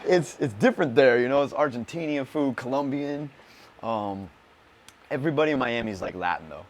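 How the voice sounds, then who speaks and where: A man hosting a laid-back podcast chat, full of slang and swearing. He rambles through his stories in a relaxed, unpolished way. His voice sits at an ordinary middle pitch. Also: a little fast, a little hiss or hum. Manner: loose, profane, slangy storytelling. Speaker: podcast host. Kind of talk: casual chat.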